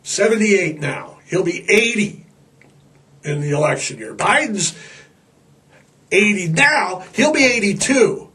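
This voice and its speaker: Man podcast host, high voice, unhurried delivery, irreverent and profane, stammering, rambling. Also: lively intonation, pushed and bright. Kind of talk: rambling comedic monologue.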